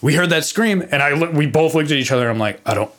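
A man's voice: on the high side, lively intonation, quick pace, a bit bright. A young man telling a spooky story as a podcast guest, rambling and profane, with lots of fillers and restarts. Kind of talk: casual storytelling.

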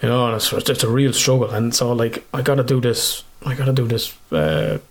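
A man's voice: mid-range voice, expressive, a little fast, creaky. A man hosting a podcast, talking candidly and rambling, swearing freely in casual chat. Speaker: podcast host.

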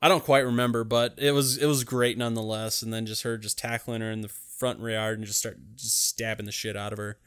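Man with a smooth, clear voice. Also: mid-range voice, brisk, hardly any pauses. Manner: rambling, profane, animated storytelling. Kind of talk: casual chat recapping a film.

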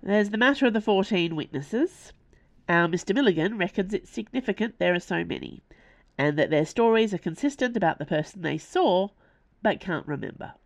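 A woman reading aloud voices a gruff, sheepish police sergeant who talks in plain colloquial phrases. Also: on the low side, dry recording. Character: gruff, sheepish, bashful working-class police sergeant, man. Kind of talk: audiobook character voice.

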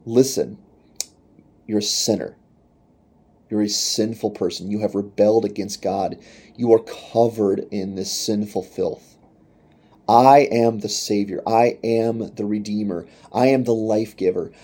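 Warm, husky-voiced male preacher. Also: steady tone, unhurried. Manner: earnest preaching, voices quotes with rising pitch. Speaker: pastor. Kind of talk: sermon.

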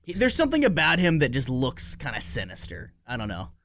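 A man's voice: mid-range voice, huge pitch swings, brisk, fairly bright tone. A man in his forties co-hosting a podcast, chatting casually in a rambling, profane way and laughing easily. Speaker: podcast co-host. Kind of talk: casual chat.

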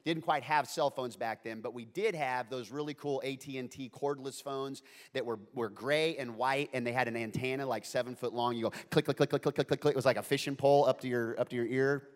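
Playful storytelling preacher, reverberant hall. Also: male voice, medium pitch, brisk. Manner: animated, playful, full of asides. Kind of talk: humorous storytelling sermon.

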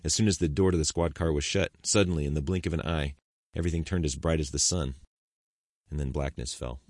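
Brief: very low male narrator, dry close studio read, measured pace. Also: steady tone, darkish tone, no room sound. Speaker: audiobook narrator. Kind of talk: scripted narration.

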